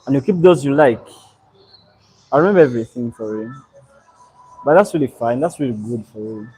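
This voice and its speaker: A young man from Uganda, hosting a live stream and chatting in a relaxed, rambling way as he answers viewers. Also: mid-range voice, brisk, breathy edge, low-quality recording. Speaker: livestream host. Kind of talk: casual live stream chat.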